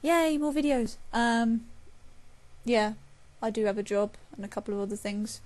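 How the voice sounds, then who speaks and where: A woman's voice: medium pitch, level tone, moderate pace, darkish tone, no room sound. A young woman, chatting casually and raging while she plays a shooter game. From England. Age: young adult. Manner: chatty, swears and rages at the game. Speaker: gamer. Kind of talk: casual gameplay commentary.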